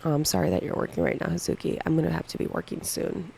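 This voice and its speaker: A woman's voice: low voice, fairly even intonation, fast, gravelly, mellow, slight background noise, rough recording. A woman in her thirties chatting casually on a livestream, candidly answering viewer questions one by one. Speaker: livestream co-host.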